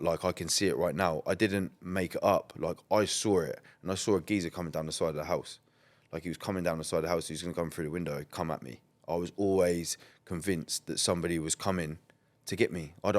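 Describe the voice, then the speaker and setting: A very low-pitched man tells his story as a podcast guest. He talks in a loose, rambling way, peppered with "like", "um" and the odd swear. His delivery is candid and conversational. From England. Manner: rambling, many "like" and "um" fillers, blunt and swearing.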